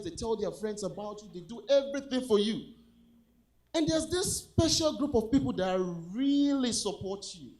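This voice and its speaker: A Nigerian man with a Nigerian accent doing a stand-up comedy set on stage, animated, swinging between loud punchlines and low asides. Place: comedy club stage with a live audience.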